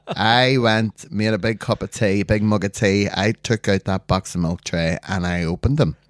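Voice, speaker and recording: A Northern Irish man sits in a dead, dry studio, chatting with a co-host. His voice sits low, and he tells his stories with gusto. He keeps jumping into the voices of the people he quotes. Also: unhurried, no echo. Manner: animated storyteller acting out voices of people he quotes. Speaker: podcast co-host. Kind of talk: casual chat, storytelling.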